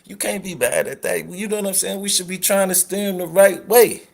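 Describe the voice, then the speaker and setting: Gravelly-voiced man rambling on a live stream. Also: sits high, a little fast. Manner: rambling, apologetic, laughing asides. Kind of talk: casual reaction commentary.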